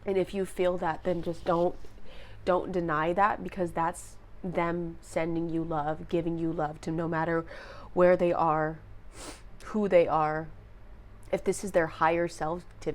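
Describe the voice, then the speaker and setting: A young woman giving an intuitive tarot reading to her viewers, speaking in a halting, emotional way. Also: fairly low pitch, flat delivery, a little mellow. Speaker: tarot reader.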